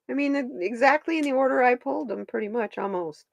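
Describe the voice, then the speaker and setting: A woman's voice: sits high, quick pace, gravelly. A woman hosting a live stream, chatting casually with viewers and her pets while she pulls stones and cards.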